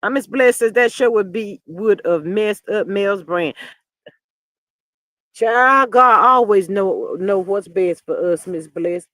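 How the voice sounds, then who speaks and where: A man hosting a live stream, giving sassy, animated gossip commentary and reading chat comments aloud. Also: sits high, slow, no echo. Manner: sassy and animated, often calling listeners "child". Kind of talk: casual gossip commentary on a reality show.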